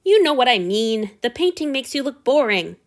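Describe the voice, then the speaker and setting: A woman's voice: on the high side, very animated, moderate pace, voice pushed up. A woman voicing a prickly young male lord who talks in a dry, snappish way. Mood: teasing.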